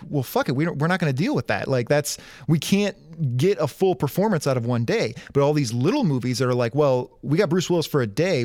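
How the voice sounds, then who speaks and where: A man's voice: medium pitch, a little mellow, dry recording, studio quality. A young adult man on a podcast, recapping with wry, profane humor. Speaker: podcast co-host. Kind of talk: casual chat.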